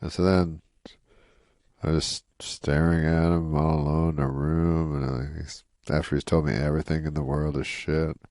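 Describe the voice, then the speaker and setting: A man's voice: extremely low pitch, level tone, normal speed, hardly any pauses, darkish tone, dry recording, studio quality. A man in his fifties from Canada, a comedian guest telling stories in a rambling, wry way full of asides. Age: 50s. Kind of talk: casual anecdotal storytelling.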